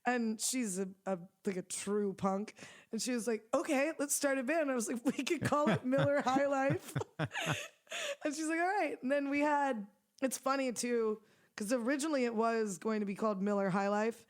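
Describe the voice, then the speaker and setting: A woman's voice: on the high side, normal speed. A young woman musician chatting in an interview, rambling with lots of "like" fillers and frequent laughs. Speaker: musician guest. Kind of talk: casual interview chat.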